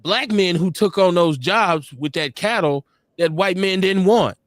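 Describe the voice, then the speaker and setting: High-voiced guy, super lively, swears a lot, dry close sound. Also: a little slow, dry recording. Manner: animated, blunt, profane, joking. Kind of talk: casual live-stream chat.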